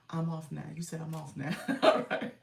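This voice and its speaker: A woman's voice: low-pitched, level tone, measured pace, gravelly, far from the mic. A woman streaming live as a coach, chatting casually, greeting viewers by name and laughing often. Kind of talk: casual livestream chat with viewers. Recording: echoey room, voice a bit off mic.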